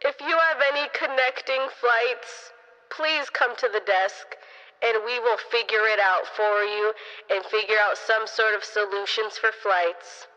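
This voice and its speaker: A woman voicing a calm, apologetic male airline announcer, speaking in a slow, soothing announcement tone. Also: fairly high pitch, long reverb tail, voice pushed down, rough recording.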